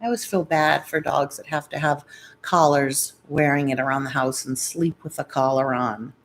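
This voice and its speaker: Rambling, low-voiced woman streaming live. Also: fairly even intonation, moderate pace, slight background noise, rough recording. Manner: rambling, distracted chatter. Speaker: livestream host. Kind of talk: casual live-stream chat. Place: at home.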